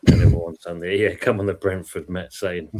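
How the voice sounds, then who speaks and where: A man's voice: sits low, fairly even intonation, moderate pace, dark tone. A man hosting a casual football stream, chatting and reading out viewer comments. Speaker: podcast host reading live chat.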